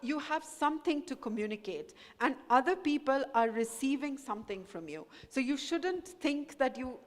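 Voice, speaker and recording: A woman from India gives students earnest, encouraging advice in a voice pitched a little high. The big hall adds a long reverb tail to every line. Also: lively intonation, moderate pace. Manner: earnest, encouraging, mixes Hindi into English. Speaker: guest speaker, professor. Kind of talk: talk to students.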